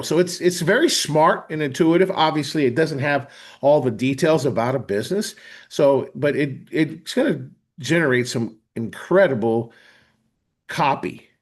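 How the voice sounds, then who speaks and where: A man hosting a live online webinar demo, talking with enthusiasm and often checking in with "right?". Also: a little high. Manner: enthusiastic, frequent "right?" tags. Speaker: host.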